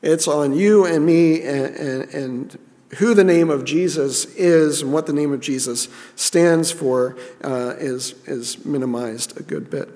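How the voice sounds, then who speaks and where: A man's voice: on the high side, unhurried, mellow, long reverb tail. A man preaching a sermon in an earnest, repeating way, often restarting his sentences. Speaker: pastor.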